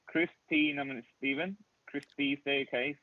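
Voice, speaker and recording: A man running an online social deduction game as storyteller, making brisk procedural announcements. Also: a little high, steady tone, no room sound, narrow, tinny audio.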